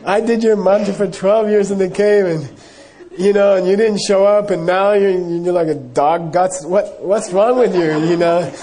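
Man playing an indignant monk, high, husky, loud complaining. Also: moderate pace, few pauses. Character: exasperated male hermit monk, impatient, indignant.

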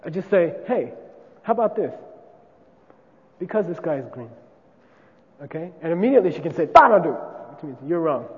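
A man's voice: on the high side, animated, brisk, phone-quality sound. Man teaching a class in a reverberant hall. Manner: casual, repeats "okay?", demonstrates chants.

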